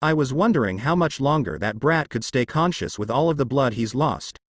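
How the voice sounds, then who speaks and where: A man's voice: medium pitch, expressive, normal speed, no room sound, clean studio sound, close to an everyday voice. A man doing a sneering sadistic zealot. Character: sadistic bloodthirsty male zealot.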